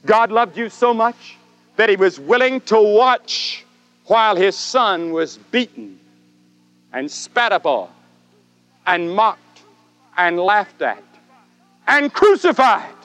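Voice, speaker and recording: An older man preaching a sermon dramatically, with swelling repetitions and long pauses. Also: high-pitched, lively intonation, a bit bright. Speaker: evangelist preacher.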